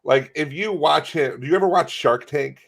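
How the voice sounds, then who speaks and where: Gravelly-voiced rambling podcast co-host man. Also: on the high side, moderate pace. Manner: rambling, swears, laughs often. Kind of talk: casual comedic chat.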